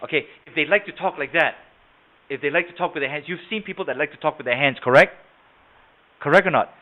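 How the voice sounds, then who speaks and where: A man's voice: fairly high pitch, fast talker. Guy running a sales training webinar on a video call, casual, keeps asking the class questions, tinny audio. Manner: conversational, asks the class questions, repeats words.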